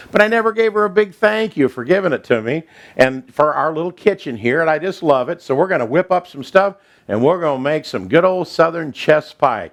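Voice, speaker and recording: A man from Minnesota hosting a home cooking show, chatting in a homespun way while he explains each step in his kitchen. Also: fairly high pitch. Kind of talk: folksy cooking demonstration.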